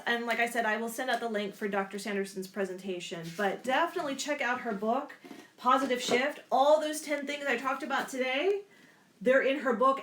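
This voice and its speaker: A woman's voice: fairly high pitch, a bit bright. A woman teacher and club advisor talking casually to students on a video call, chatty and often checking in with her listeners. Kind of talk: casual talk in an online club meeting. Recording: echoey room.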